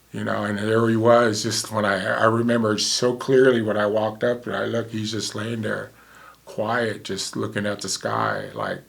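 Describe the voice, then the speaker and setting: A man's voice: lowish voice, gravelly. A man in his sixties, a former paramedic, telling a vivid story in a casual way and acting out the dialogue.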